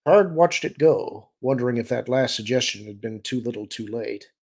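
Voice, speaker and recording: A man reading a novel aloud in a steady, measured storytelling manner. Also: medium pitch, creaky. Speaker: audiobook reader. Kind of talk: audiobook narration.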